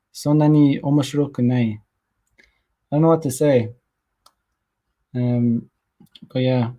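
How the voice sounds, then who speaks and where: Reading messages from chat, a young streamer rambles crudely, laughing often and leaning on fillers. He has a medium-pitched voice that's a little mellow.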